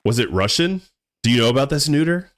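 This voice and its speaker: A man's voice: medium pitch, animated, fast talker, dry recording, studio quality. A young man streaming a game, chatting casually with his viewers in a laid-back, rambling way that stumbles and repeats words. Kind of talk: casual live-stream chat while gaming.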